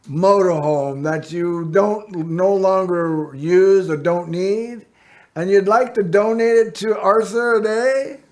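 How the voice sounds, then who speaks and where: Slow-talking folksy man, high voice. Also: a little mellow. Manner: folksy, meandering storytelling with frequent "you know" and "anyway". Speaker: host of a local access TV show. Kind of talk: rambling personal monologue to camera.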